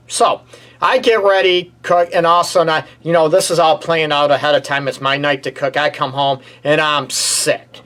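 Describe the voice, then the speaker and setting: A man's voice: on the high side, fairly even intonation, moderate pace, fairly bright tone. Jokey man hosting a relationship talk show. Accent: Detroit. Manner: jokey, acts out grumpy husband bits. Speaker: host and counselor. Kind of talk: casual chat.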